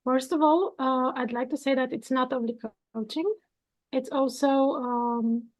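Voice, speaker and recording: A woman's voice: high-pitched, steady tone, moderate pace, a little mellow. A woman in her thirties from Romania, talking earnestly about her work as a coach, now and then laughing lightly. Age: 30s. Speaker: coaching guest, architect and coach. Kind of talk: casual conversation.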